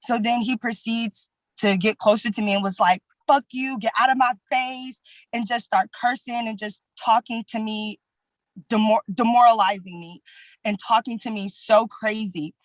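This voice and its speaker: A woman giving testimony at a court hearing, retelling events in a halting way with many fillers. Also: medium pitch, steady tone, dry recording, rough recording.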